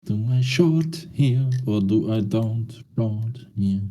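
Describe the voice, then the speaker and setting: Man, casual chat, very slow, hesitant, laughs often. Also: on the low side, animated, mellow. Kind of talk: casual chat among friends.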